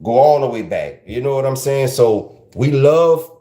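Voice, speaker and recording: A man's voice: mid-range voice, expressive, unhurried, dark tone, roomy sound. A man with a South Louisiana Creole accent hosting a podcast, talking loosely and rambling, dropping in Creole French phrases. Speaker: podcast host. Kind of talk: casual commentary monologue.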